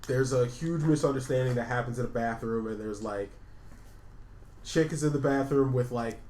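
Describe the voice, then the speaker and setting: A man's voice: mid-range voice, moderate pace, a little mellow. Rambling, swearing male podcast co-host. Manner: rambling, swears freely, laughs at his own stories. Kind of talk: casual chat. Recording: echoey room with faint noise.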